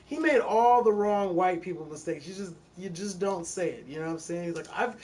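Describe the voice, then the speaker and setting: High-voiced Detroit man chatting loosely. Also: expressive, brisk, a little mellow. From Detroit, USA. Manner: loose, profane, frequent laughing asides. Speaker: music producer streaming to viewers. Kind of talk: casual livestream chat. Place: recording studio.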